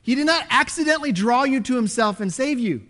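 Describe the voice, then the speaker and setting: High-voiced animated male preacher. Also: brisk. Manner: animated, swinging between loud and hushed. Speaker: pastor. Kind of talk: sermon.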